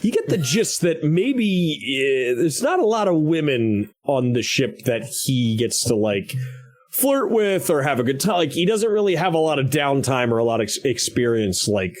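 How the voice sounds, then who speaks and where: Animated man running a tabletop game. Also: on the high side, normal speed. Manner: animated, shifts into character voices. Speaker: game master.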